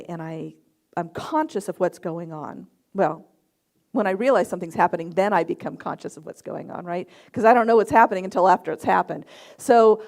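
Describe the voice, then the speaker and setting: A middle-aged woman minister giving a sermon, telling personal stories and acting out quotes with lively swings in her voice. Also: medium pitch, gravelly. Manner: storytelling with lively acted-out quotes.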